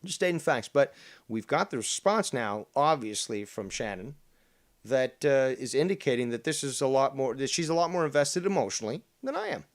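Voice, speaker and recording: A man's voice: mid-range voice, sing-song, fairly quick. A man from Canada hosting a heated panel argument, smug and profane as he lectures the others. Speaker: show host.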